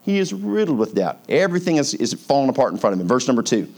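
A man, a pastor, preaching a conversational sermon, reading scripture slowly and dropping softly when he voices God's words. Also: mid-range voice, sing-song.

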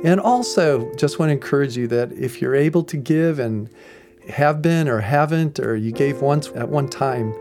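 A man, a pastor, telling a lively story to his listeners, acting out the voices of the people in it and laughing often. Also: medium pitch, normal speed, over music. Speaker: pastor of a ministry. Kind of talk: storytelling ministry message.

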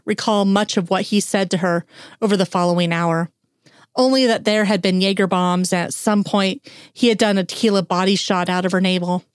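A woman's voice: medium pitch, no echo, clean studio sound. A woman narrating an audiobook in a wry, lightly humorous storytelling manner.

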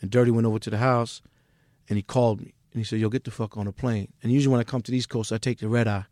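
A man's voice: medium pitch, fairly even intonation, racing, a little mellow, no room sound, clean studio sound. A middle-aged man from Queens with a New York accent, a music manager telling his story bluntly and profanely as a podcast guest. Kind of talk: candid podcast interview.

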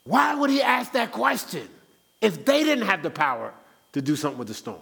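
A man preaching a conversational sermon as pastor, animated, stumbling over restarts and acting out the voices he quotes. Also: high-pitched, brisk, vocal fry.

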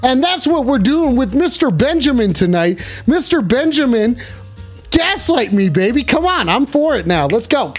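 Loud, crude streamer man with lively pitch. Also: normal speed, soft background music. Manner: loud, profane, jumps to yelling. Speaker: streamer taking callers. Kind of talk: crude comedic live-stream chat.

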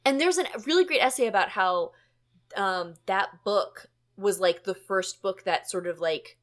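A woman's voice: medium pitch, unhurried. Chatty woman podcast host. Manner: animated, chatty, many filler likes. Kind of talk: casual chat.

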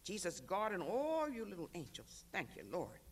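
A worn, defiant pregnant rural wife pleads and prays in bursts , as the reader puts her on. The voice sits high. This is a live reading of a novel. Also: expressive, a little fast, fairly bright tone, long reverb tail. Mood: tearful prayer.

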